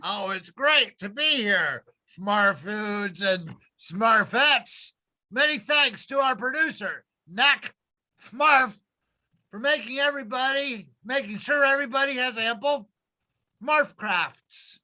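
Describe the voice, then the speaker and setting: A man's voice: very high-pitched, takes it slowly, bright, forceful tone, full character voice, poor audio. A man playing a smug male Smurf talk-show host, delivering a corny self-satisfied monologue in a comedy sketch. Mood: smarmy.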